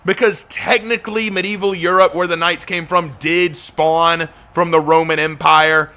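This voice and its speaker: A male game streamer in the middle of a live-stream rant, his voice sitting a little high with a bright, forceful edge. He keeps circling back to his points with sarcastic repetition, clearly exasperated, and the heat keeps building. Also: level tone, moderate pace, hardly any pauses.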